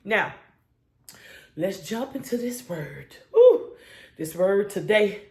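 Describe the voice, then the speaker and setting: A woman's voice: medium pitch, expressive, takes it slowly. Woman minister, spirited morning devotion, calls and responses with the flock, roomy echo. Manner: exuberant, call-and-response with listeners.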